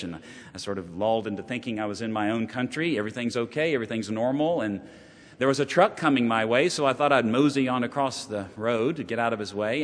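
A man preaching a sermon, telling stories, sometimes dropping to a hush and then building up with emphasis. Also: on the low side. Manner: storytelling, shifting from hushed to rising emphasis. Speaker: pastor. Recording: long hall reverb.

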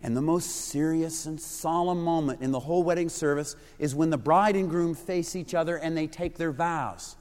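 Middle-aged male pastor, earnest emphatic sermon for youth; higher voice, reverberant sanctuary. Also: normal speed, few pauses, a little mellow. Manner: earnest, emphatic, repeats key phrases.

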